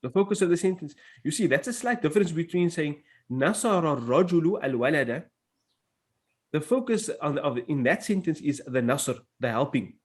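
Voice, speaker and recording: A man's voice: fairly high pitch, animated, fairly quick, breathy edge. A man teaching an Arabic grammar class in English, explaining step by step and reading out Arabic phrases.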